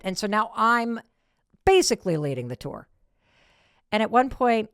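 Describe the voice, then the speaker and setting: A woman's voice: medium pitch, sing-song, brisk, pauses often, no room sound, studio quality. A woman in her fifties from Michigan, hosting a podcast and telling a personal story expressively, dropping to whispers for asides and swearing casually. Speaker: podcast host.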